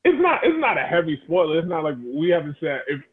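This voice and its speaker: A man's voice: a little high, big pitch swings, fast, husky. A young man from Texas co-hosting a podcast in loose, rambling casual chat, swearing freely and full of fillers. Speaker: podcast co-host. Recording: tinny phone-like sound.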